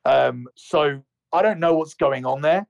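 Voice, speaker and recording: Gravelly and a little slow, this man's slightly high voice carries a heated podcast rant. As co-host he curses freely and repeats words frequently.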